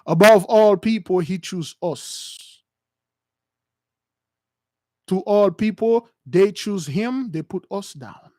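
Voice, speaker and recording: High-voiced, emphatic male preacher. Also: lively intonation, slow, pauses often, darkish tone, no echo, clean studio sound. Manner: emphatic, acting out quoted voices, many fillers and restarts. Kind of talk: impassioned religious teaching.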